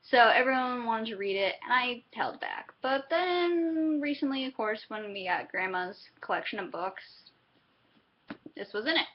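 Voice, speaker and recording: A woman's voice: on the high side, expressive, normal speed, dull audio, a little hiss or hum. A young woman giving a casual book review, chatty and self-interrupting, often laughing between thoughts.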